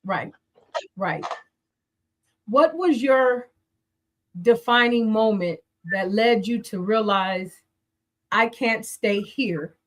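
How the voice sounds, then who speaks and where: A woman hosting an interview, affirming her guest and asking slow, deliberate questions. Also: fairly high pitch. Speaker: host. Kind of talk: interview host.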